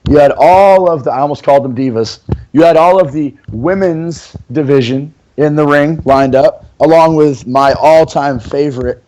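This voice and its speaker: A man's voice: a little high, moderate pace, warm tone, low-quality recording. Rambling, swearing male podcast co-host. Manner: rambling, profane fan banter. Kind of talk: casual chat.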